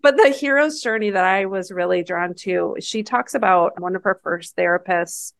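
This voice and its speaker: A woman's voice: medium pitch, normal speed, vocal fry, no echo. A woman co-hosting a book podcast, talking things through in an earnest, reflective way. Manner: reflective, earnest, thinks aloud. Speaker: podcast co-host. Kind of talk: casual book-club chat.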